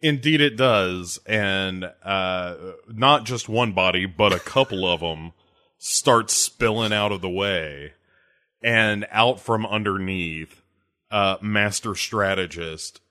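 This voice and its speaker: Slow low-voiced man recapping an episode. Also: bright, forceful tone. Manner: joking, laughs often, trails off. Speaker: podcast co-host. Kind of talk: casual recap chat.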